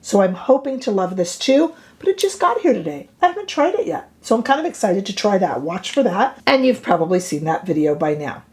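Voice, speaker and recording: A woman's voice: medium pitch, big pitch swings, brisk, few pauses, a little mellow. A woman casually reviewing makeup products in a vlog, chatty and opinionated with playfully dramatic asides. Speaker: beauty reviewer.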